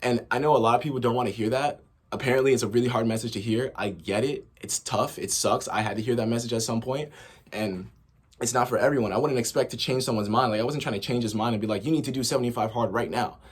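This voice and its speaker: A man's voice: mid-range voice, steady tone, quick pace, slightly rough. A young man in a casual vlog monologue, rambling with many fillers and restarts. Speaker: vlogger.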